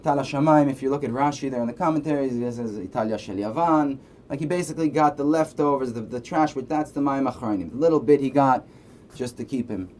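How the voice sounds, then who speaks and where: A fast-talking man with a mid-range, darkish voice leads an easygoing Torah lesson, checking in often with "right?". The recording carries faint background noise.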